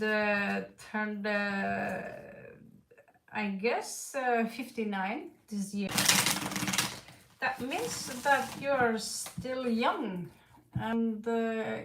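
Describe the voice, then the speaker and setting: Woman tarot streamer, light mixed British-Russian accent, halting speech, slightly high voice, echoey room, set back from the mic. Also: creaky, recorded from a distance, a little hiss or hum. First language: not English. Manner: hesitant, many fillers and restarts. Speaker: tarot reader. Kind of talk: live stream reading with chat.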